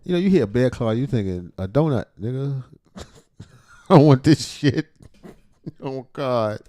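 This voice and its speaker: A man reacting to a video in a loose, profane running commentary, his voice leaping up and down in pitch as he exclaims and laughs. He sounds close to the mic in a dry, dead space. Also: lively intonation, measured pace, no room sound. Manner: loud, profane, laughing outbursts. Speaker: reaction streamer.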